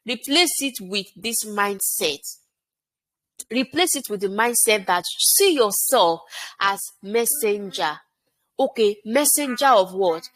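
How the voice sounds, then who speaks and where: A woman's voice: mid-range voice, lively intonation, takes it slowly, a bit bright. A woman coaching public speaking in a motivational lesson, emphatic and repetitive, asking rhetorical questions and answering them herself. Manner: emphatic, repeats phrases and asks rhetorical questions. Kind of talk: motivational teaching talk.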